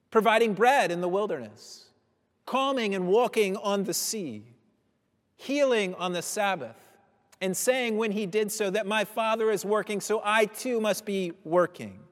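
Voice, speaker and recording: High-voiced man preaching in a reverberant hall. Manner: measured teaching with slow emphatic phrases. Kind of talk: sermon.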